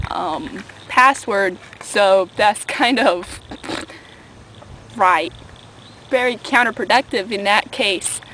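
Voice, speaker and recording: A woman's voice: mid-range voice, fairly bright tone, a little hiss or hum, rough recording. A young woman vlogging outdoors from a small boat on a lake, talking through a rambling, chatty rant into a handheld camera. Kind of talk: casual video rant.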